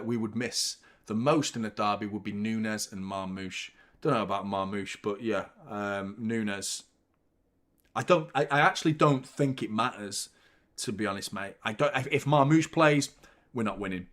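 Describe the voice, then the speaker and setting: A man's voice: on the low side, a bit bright. A young man hosting a live football watchalong, ranting and swearing constantly in exasperation. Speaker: fan channel host.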